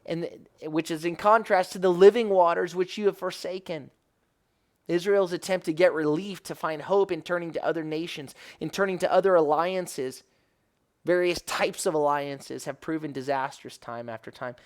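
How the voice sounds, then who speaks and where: A man's voice: fairly high pitch, normal speed. A man as a rabbi giving an earnest devotional Bible teaching, rising to emphatic questions and often correcting himself mid-phrase.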